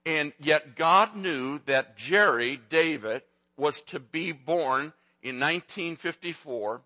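Bright-voiced preacher in his sixties. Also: a little high, animated, slow pace, dry recording. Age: 60s. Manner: folksy storytelling preacher, joking with the congregation. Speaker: pastor. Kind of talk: sermon.

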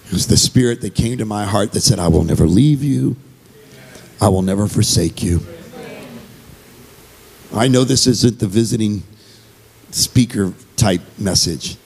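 A man preaching a sermon in an earnest, conversational way, often circling back over his own phrases. His voice sits low and is mellow in tone. There is a husky edge to it. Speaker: visiting speaker and singer.

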